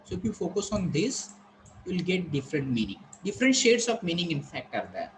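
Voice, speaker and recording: Brief: a man playing an lecturer, higher voice, unhurried, repeats points, faint background noise. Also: huge pitch swings, rough recording. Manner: slow, repetitive explaining with frequent pauses. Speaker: teacher. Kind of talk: online classroom lecture.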